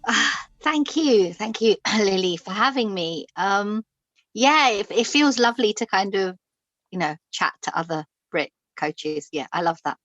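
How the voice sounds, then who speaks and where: Soft-spoken London woman, dry close sound. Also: mid-range voice, animated, unhurried, no echo, lo-fi sound. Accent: London English. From Britain. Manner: hesitant, with fillers, then quiet and soft when recounting pain. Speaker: guest coach. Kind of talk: podcast interview.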